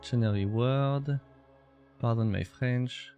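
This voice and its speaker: A man live-streams a video game in a loose, chatty way, answering viewers and laughing often. His voice sits at an ordinary middle pitch. Faint music plays behind him. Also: slow pace, mellow. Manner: chatty, laughs often, reads chat aloud.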